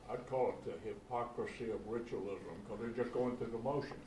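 A man in the class giving a quick, offhand answer to the teacher's question. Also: mid-range voice, fairly even intonation, mellow, slight background noise, poor audio. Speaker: class member.

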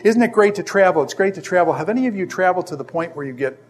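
An older man teaching a casual Bible lesson, asking the class questions and telling stories with animated energy. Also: fairly high pitch, quick pace, few pauses.

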